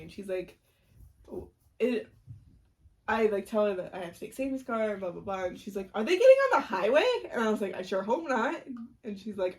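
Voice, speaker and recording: A woman's voice: mid-range voice, a little mellow. A young woman co-hosting a podcast, telling a story in casual chat, acting out the quotes, laughing and swearing. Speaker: podcast co-host.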